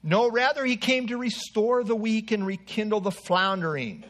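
A man's voice: high-pitched, normal speed, a bit bright. A man preaching an earnest expository sermon with asides to the congregation.

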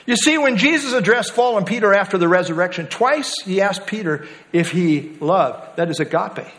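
Brief: male pastor preaching, high voice with wide swings, emphatic and explanatory. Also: normal speed. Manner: animated, emphatic expository preaching. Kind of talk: sermon.

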